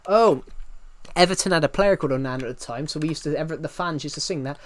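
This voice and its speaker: A young man with a higher-pitched voice talks fast while casually chatting on a live game stream. He rambles through his stories and makes fun of himself along the way.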